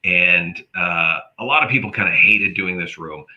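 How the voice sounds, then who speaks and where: A man's voice: sits low, normal speed. A man from Canada, a comedian telling a story in casual chat and acting out the people in it. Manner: animated, acts out quoted voices. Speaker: comedian guest. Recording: dull lo-fi audio.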